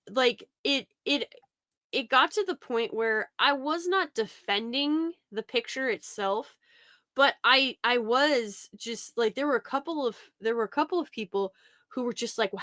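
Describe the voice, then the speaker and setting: A woman's voice: on the high side, dry recording, clean studio sound. A woman talking as a podcast guest in a casual chat, rambling with many restarts and fillers and acting out quotes from her retellings. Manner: quotes others in animated retellings.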